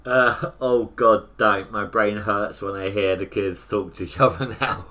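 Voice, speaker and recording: A man's voice: fairly low pitch, fairly even intonation, measured pace, sharp tone. A man in his thirties, rambling through casual live gameplay commentary with self-mocking asides. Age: 30s. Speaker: gaming livestreamer.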